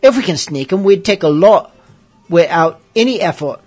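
A man doing a hammy, gruff tavern pirate. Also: sits high, expressive, moderate pace, a little mellow, soft background music. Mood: scheming. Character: rough-talking adult male pirates in a tavern. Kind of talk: comic book read aloud in character.

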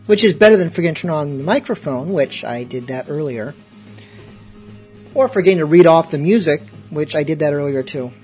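A man's voice: on the high side, animated, fairly quick, a little mellow, soft background music. A man hosting a casual online radio show, rambling in self-mocking banter between segments. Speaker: host.

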